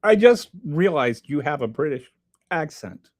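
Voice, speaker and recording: A man hosting a casual livestream, reading chat aloud and commenting in a rambling, animated way with many restarts. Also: fairly high pitch, a little slow.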